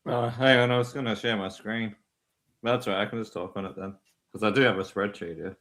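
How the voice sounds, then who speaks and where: Methodical low-voiced man reading stats. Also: steady tone, brisk, a bit bright. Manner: methodical, reads figures from a spreadsheet. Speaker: podcast co-host. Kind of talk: reading stats in casual discussion.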